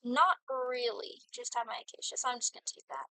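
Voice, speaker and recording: Giddy, bright-voiced young woman streamer. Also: a little high, lively intonation, fairly quick, no echo, low-quality recording. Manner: giddy, rambling, talks to herself while playing. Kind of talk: casual gaming stream chat.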